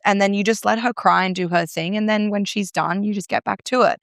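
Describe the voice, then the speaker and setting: A woman's voice: medium pitch, a little fast, gravelly, no room sound, clean studio sound. A young Australian woman, a breathwork guest, telling stories in casual chat full of "like" fillers. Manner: chatty, storytelling, many "like" fillers.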